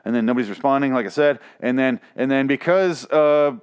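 A man's voice: mid-range voice, a little fast, clean tone. Rambling, foul-mouthed male podcast host. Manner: rambling, sarcastic, swears a lot, jumps into exaggerated outbursts. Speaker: podcast host reviewing a TV show. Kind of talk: casual profane solo recap. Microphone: close podcast mic.

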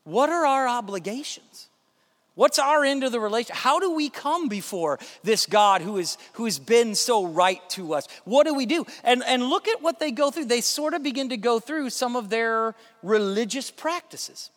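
A man preaching a sermon as pastor, in a conversational, animated way with plenty of fillers. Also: extremely high pitch, normal speed, hardly any pauses, long reverb tail.

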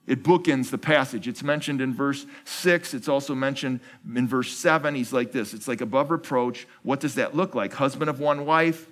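A man's voice: mid-range voice, moderate pace, hardly any pauses, fairly bright tone. A man giving a sermon as founding pastor of his church, asking the congregation questions, answering them himself, and repeating key phrases.

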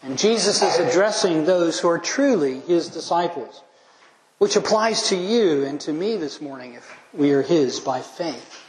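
A man's voice: on the high side, expressive, a little slow, darkish tone, roomy sound, rough recording. A man preaching a methodical expository sermon as pastor, listing his points and verse references and leaning hard on key lines.

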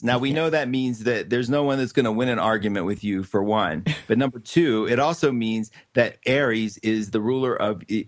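A man hosting a casual talk show chat, effusive and rambling, often laughing. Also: medium pitch. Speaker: host.

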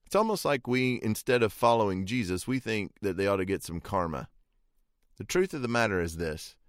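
Guy preaching a sermon, lowish voice, gets loud and lively acting out the bible bits, dry close mic. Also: fairly quick, no echo. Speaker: pastor.

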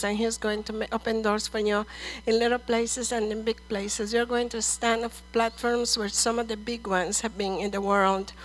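A middle-aged woman ministering prophetic words over people in church, earnest and measured, calling them dear and brother. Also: medium pitch, a little hiss or hum, poor audio.

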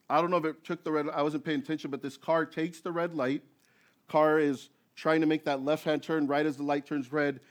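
A man preaching a sermon as pastor, telling a story in a lively, animated way that acts out the scenes. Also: on the high side.

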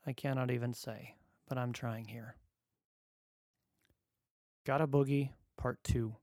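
A man's voice: medium pitch, steady tone, takes it slowly, a little mellow, dry recording, clean studio sound. A father reading his own personal essay aloud in a wry, earnest, conversational way.

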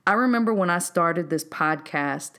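A woman's voice: on the low side, expressive, normal speed, a bit bright. A woman from Texas with a Texas accent, hosting a solo podcast in a candid, chatty, unscripted way with easy laughs. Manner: candid, chatty, laughs easily, says "y'all" and "um". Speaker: podcast host.

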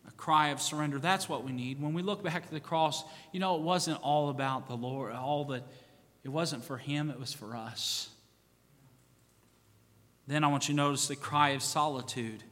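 Bright-voiced pastor preaching in a reverberant church. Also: male voice, mid-range voice, normal speed. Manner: swings from loud fervent preaching to hushed solemn tones. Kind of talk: sermon. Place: church sanctuary. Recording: long church hall reverb.

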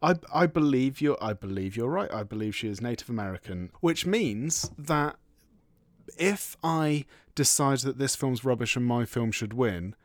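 A man's voice: mid-range voice, lively intonation, normal speed, no room sound. A man co-hosting a film podcast, asking questions and cracking sarcastic jokes in casual chat. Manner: jokey, questioning, sarcastic asides. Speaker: podcast co-host.

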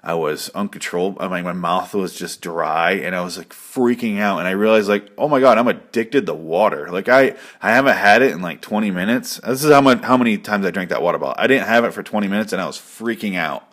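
Male host, lower register, loose profane recap chatter. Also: quick pace, few pauses, a bit bright. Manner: rambling, profane and jokey. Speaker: podcast host. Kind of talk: casual recap chat.

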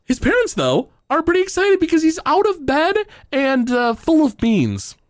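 A man chatting on a podcast, his pitch swinging widely from low to high as he retells scenes. He talks loosely, with plenty of fillers and chuckles. The sound is close and dry, with no room around it. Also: wildly swooping pitch, normal speed, no room sound. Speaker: podcast co-host recapping an episode. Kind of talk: casual chat.

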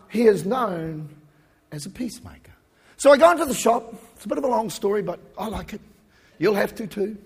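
Male pastor with a husky voice, telling a story as a sermon in a reverberant hall. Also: very high-pitched. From New Zealand. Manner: swings from loud preaching to soft asides.

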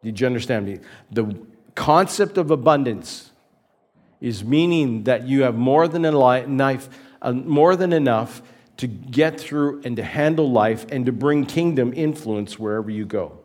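Addressing his congregation, a pastor preaches a sermon with earnest, measured delivery in an ordinary middle-pitched voice that is a little mellow. He pauses between phrases and repeats key words to hammer his point home.

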